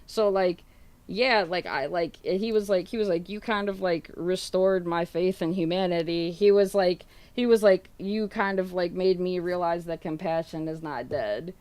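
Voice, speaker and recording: Woman streamer, low smooth voice, casual rambling storyteller, dry close sound. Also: normal speed, a little mellow, no room sound. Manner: rambling, full of fillers and casual swearing; retells others' words in quoted dialogue.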